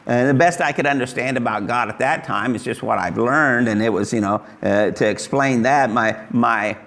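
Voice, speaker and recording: A man's voice: moderate pace, creaky, a bit bright. An older man from Kansas, giving an earnest, folksy testimony sermon as a pastor. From Kansas, USA. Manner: earnest, folksy, rises high when voicing Jesus.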